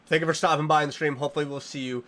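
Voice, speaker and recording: A man talking to his stream chat while he plays, in a slightly higher than usual voice. He is animated and playfully dramatic, thanking viewers and joking around with them. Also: rapid-fire. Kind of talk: live game stream chatting with chat.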